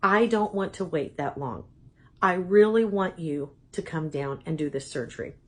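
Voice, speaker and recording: Calm firm lady doctor on the phone, as a woman quotes her, lowish and quiet, measured. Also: close to an everyday voice.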